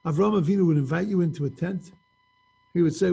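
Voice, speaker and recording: A man with a fairly high voice teaches a class over a video call. His voice is mellow and husky, and he tells stories with acted-out dialogue in a conversational way. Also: fast talker.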